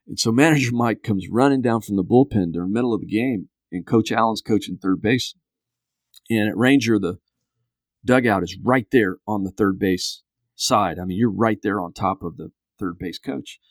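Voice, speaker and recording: A man's voice: fairly low pitch, normal speed, dry recording, clean studio sound. A man in his fifties, a podcast guest, casually telling a long story and acting out other people's lines. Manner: animated storyteller who acts out quotes.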